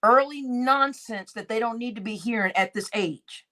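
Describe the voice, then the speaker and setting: A woman's voice: on the high side, moderate pace, sharp tone. A woman hosting a livestream reaction show, talking indignantly and mockingly in casual commentary. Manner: indignant, mocking, repeats lines with laughter.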